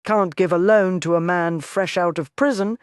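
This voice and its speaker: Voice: medium pitch, steady tone, normal speed, smooth, dry recording, clean studio sound, lightly acted. A narrator voicing a curt, dismissive small-town banker, in an audiobook.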